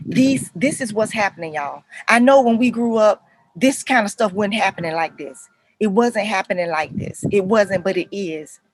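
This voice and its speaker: A middle-aged woman, a counselor telling stories to parents in a lively, conversational way and acting out the voices. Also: mid-range voice, low-quality recording. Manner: animated retelling, acts out voices, addresses viewers as y'all. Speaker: counselor and life coach speaking to parents. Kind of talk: casual talk to camera, storytelling.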